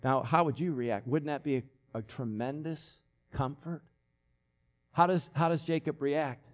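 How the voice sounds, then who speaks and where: A man preaching an expository sermon, chatting through the passage and then swelling to loud, emphatic peaks as he reads scripture aloud. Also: a little high, measured pace. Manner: conversational asides between readings. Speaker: Bible teacher.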